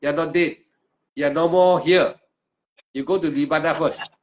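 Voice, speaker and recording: A man's voice: on the high side, steady tone, a little slow. A man teaching meditation one-on-one, speaking in short, emphatic, repeated phrases of simple broken English. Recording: dull lo-fi recording.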